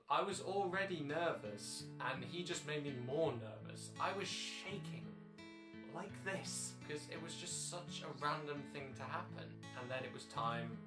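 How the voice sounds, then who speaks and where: A man's voice: on the high side, a little slow, recorded from a distance. A young man with a British accent, casually narrating a travel vlog with dry, jokey asides. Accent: British English. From Britain. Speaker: vlogger. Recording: echoey room with background music.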